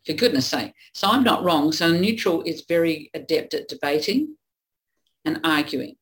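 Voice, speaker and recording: A woman's voice: sits low, animated, moderate pace, a little hiss or hum, rough recording. A woman relationship coach explaining a topic in conversation, acting out what partners say to each other. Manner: earnest, acts out quoted partners. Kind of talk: teaching conversation.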